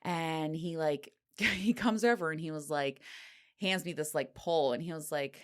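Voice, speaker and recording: A woman's voice: deep voice, normal speed. A middle-aged woman hosting her own podcast, talking frankly and breathlessly in a candid solo monologue, often laughing and sighing. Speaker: podcast host.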